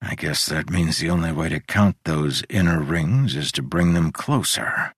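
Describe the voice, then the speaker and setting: A man's voice: extremely low pitch, measured pace, husky, no echo, studio quality, exaggerated voice. A man voicing a stubborn, impatient adult man who swears and grumbles at himself. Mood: grumbling.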